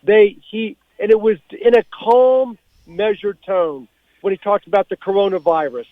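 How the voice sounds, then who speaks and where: A man calling in as a political guest commentator, talking in a measured, deliberate way with many fillers. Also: sits high, dry recording. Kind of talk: radio call-in commentary. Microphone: telephone. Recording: tinny phone line.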